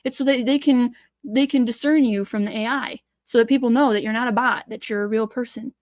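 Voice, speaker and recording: A woman's voice: on the high side, steady tone, brisk, dry recording. Ranting woman, dry close voice. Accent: Michigan. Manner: passionate, ranting, sarcastic asides. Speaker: news commentary host. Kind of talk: casual ranting commentary, reading articles aloud.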